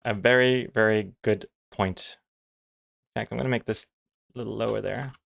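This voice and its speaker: A man's voice: fairly low pitch, fairly even intonation, normal speed, creaky, a bit bright, no room sound, clean studio sound. A man chatting casually and joking at his own expense while he draws comics on a live stream, reading chat messages aloud. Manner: self-mocking, jokey, reads chat aloud.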